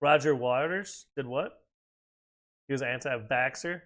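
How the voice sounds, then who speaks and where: A man from the United States speaks a little slowly, his medium-pitched voice fairly bright. While streaming a video game he chats casually and profanely, wandering off between reactions to the game.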